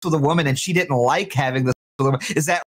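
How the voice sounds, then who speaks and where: A man's voice: fairly high pitch, rapid-fire, fairly bright tone. A man arguing on a livestream call, defensive and full of filler words. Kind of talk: casual livestream argument.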